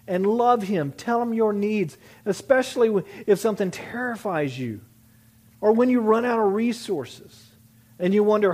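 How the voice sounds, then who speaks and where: A man's voice: high-pitched, very animated, normal speed, darkish tone. A man preaching a sermon, reading scripture aloud and telling stories about his young sons in an earnest, conversational way. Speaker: pastor.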